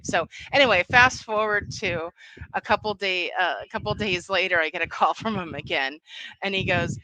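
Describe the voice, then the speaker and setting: A woman's voice: mid-range voice, lively intonation, moderate pace, pushed and bright, rough recording. A woman speaking over a video call, telling casual family stories and taking audience questions, rambling and laughing often. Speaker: conference speaker, threat intelligence analyst.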